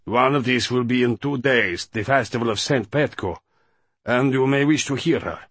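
An audiobook narrator voicing a patient, guarded male translator with a measured, level delivery. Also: medium pitch, fairly bright tone, slightly rough, dry recording. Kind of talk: audiobook character voice.

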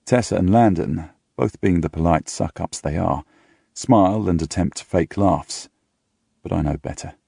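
A man reading a first-person novel aloud in a steady, intimate storytelling manner. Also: low voice, a little slow, creaky, breathy edge, no echo, studio quality. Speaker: audiobook reader.

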